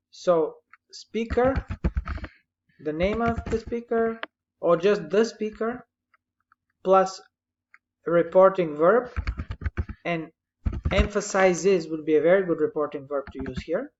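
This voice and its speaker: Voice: medium pitch, measured pace, long pauses. Brief: patient writing tutor giving feedback on a summary, slightly dull lo-fi recording with faint background noise. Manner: patient, explanatory, gently correcting. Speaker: English writing teacher.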